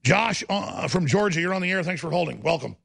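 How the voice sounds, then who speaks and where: A man hosting a talk radio show, ranting aggressively in a rapid-fire manner. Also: fairly high pitch, expressive, gravelly, fairly bright tone, husky.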